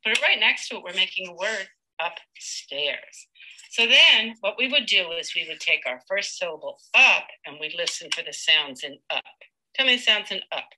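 A woman teacher leading a live demonstration lesson with a child, patient and encouraging, slowly sounding out words. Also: lowish voice, lively intonation, bright, forceful tone, poor audio.

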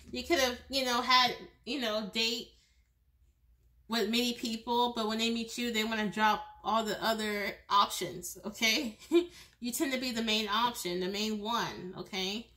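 Speaking straight to the viewer, a woman offers a pick-a-card tarot reading in a loose, chatty style, frequently restarting sentences and breaking into laughter. Her voice is bright, forward, and a little high, with slight background noise.

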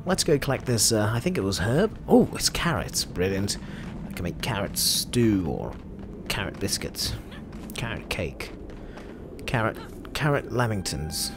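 A man's voice: lowish voice, very animated, unhurried, noisy background. A man with an Australian accent giving chatty, jokey commentary over his own gameplay. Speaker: gameplay video host.

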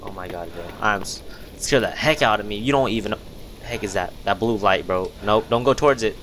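A man's voice: fairly low pitch, a little fast, a bit bright, a little hiss or hum. A young man giving casual, jumpy commentary while playing a game, often startled and calling everyone "bro". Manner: jumpy, easily startled, says "bro" constantly. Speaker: gaming youtuber.

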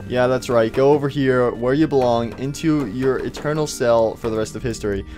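A young man talking through his gameplay in a loose, joking way, teasing the characters he finds and muttering quick asides. His voice sits at an ordinary middle pitch, with faint game music behind him. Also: darkish tone. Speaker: gaming YouTuber. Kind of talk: casual let's-play commentary.

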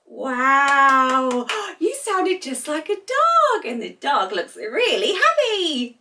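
A woman leading a toddler sing-along lesson in a bright sing-song voice with exaggerated cheering. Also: high voice, huge pitch swings, slow, recorded from a distance, slight background noise. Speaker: preschool teacher.

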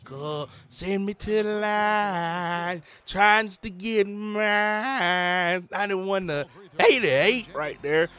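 An excitable man calls his own game in hype-filled slang. His high voice swings widely in pitch and has a bright, sharp edge. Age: adult, a parent. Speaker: gaming YouTuber. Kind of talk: let's play commentary.

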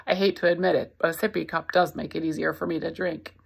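A woman's voice: low-pitched, quick pace, gravelly, breathy edge. A woman reading a novel aloud, expressively voicing the narrator. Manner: expressive storytelling. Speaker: reader.

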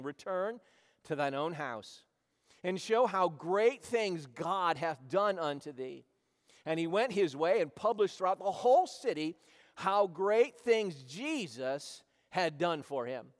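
Bible-teaching pastor man in a reverberant church. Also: on the high side. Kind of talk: evening Bible-teaching sermon. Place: church sanctuary.

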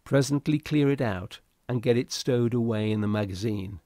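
A man voicing a calm, commanding ship's captain who gives quiet, measured orders in a slow, gravelly voice. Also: mid-range voice, dry recording, clean studio sound, close to an everyday voice.

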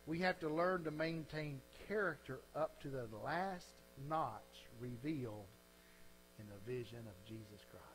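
A man's voice: medium pitch, a little slow, a bit bright, faint music behind, rough recording. A man preaching a sermon as a pastor, telling folksy stories and closing in earnest prayer.

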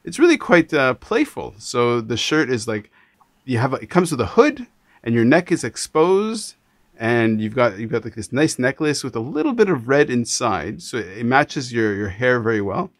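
Animated Canadian man hosting. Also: mid-range voice, moderate pace, no echo, clean studio sound. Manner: animated, emphatic, frequent restarts. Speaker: podcast host. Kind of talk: casual interview conversation. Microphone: video call.

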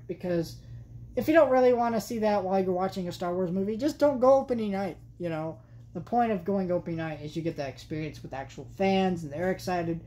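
A young adult woman vlogs a casual movie review that turns into a rant, sounding chatty and exasperated and using lots of fillers. Her voice is lowish with a dark tone.

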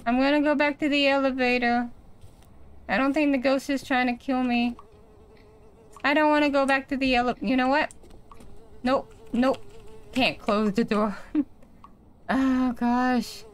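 A woman's voice: high voice, steady tone, moderate pace, pauses often, clear, resonant tone. A young woman commentating casually as she plays a horror game. She talks to herself in a chatty, jumpy way and reads out the game's lines. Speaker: gaming streamer.

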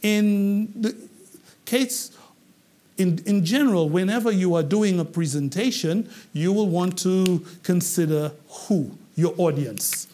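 A man from England teaching a public speaking class, animated and asking the students questions, often repeating himself. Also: high voice, takes it slowly. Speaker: English public speaking trainer.

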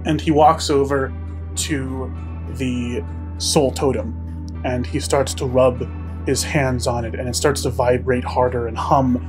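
A man's voice: medium pitch, flat delivery, unhurried, over music. A man running a tabletop game as game master, narrating scenes in a descriptive way with frequent filler words.

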